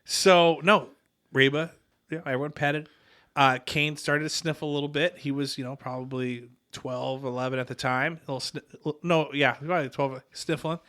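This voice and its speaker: A man's voice: medium pitch, fairly even intonation, normal speed, a bit bright. A man in his forties, a podcast co-host, telling a long, rambling story in casual chat, correcting himself often and acting out quoted lines. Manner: rambling, self-correcting anecdote with quoted dialogue.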